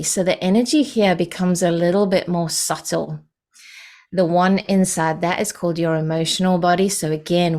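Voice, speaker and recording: A woman from the UK, a podcast guest calmly explaining ideas in a patient, unhurried way with frequent fillers. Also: on the low side. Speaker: podcast guest, energy healing practitioner. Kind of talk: explanatory interview talk.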